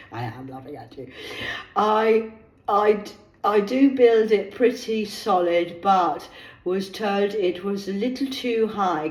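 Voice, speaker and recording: A woman reads news stories aloud as a casual vlog, swearing freely and slipping into whispered asides. Her pitch leaps around from line to line. The room around her rings with echo. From United Kingdom. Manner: swears a lot, drops into whispers, laughs between stories. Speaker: vlogger reading news stories.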